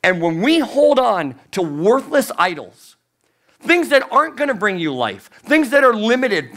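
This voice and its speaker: Slow, emphatic youth pastor, man. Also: high-pitched, a bit bright. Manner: emphatic, repeats key phrases, voice climbs on emphasis. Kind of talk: sermon.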